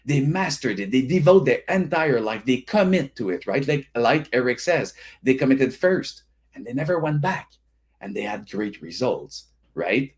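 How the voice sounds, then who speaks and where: A French Canadian man from Quebec hosting an online business summit, energetic and repetitive, peppering his talk with "right?". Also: mid-range voice, normal speed. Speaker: summit host. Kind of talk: motivational emcee talk.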